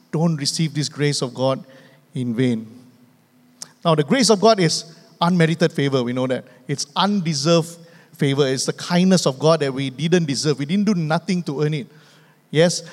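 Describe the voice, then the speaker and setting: A man, his voice pitched a little high. He repeats phrases for emphasis and calls for amens. The sound carries a long church-hall reverb. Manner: emphatic, repetitive preaching with calls for amen. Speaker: pastor. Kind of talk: sermon. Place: church sanctuary.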